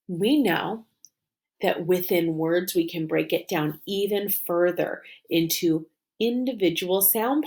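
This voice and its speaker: A woman teaching a phonics lesson to young children, modeling words and sounds slowly and warmly praising answers. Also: lowish voice. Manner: slow, encouraging, drawn-out modeling of sounds and syllables.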